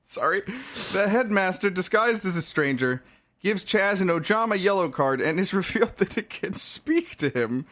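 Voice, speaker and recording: High-voiced man recapping with incredulous laughs. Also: animated, normal speed, a bit bright, a little hiss or hum. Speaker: podcast co-host. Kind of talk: casual chat and episode recap.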